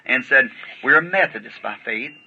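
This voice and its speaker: A man's voice: mid-range voice, expressive, normal speed, slightly rough. A man preaching, telling a story in a folksy, plain-spoken way with rustic grammar, on a dull lo-fi archival recording. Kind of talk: sermon storytelling.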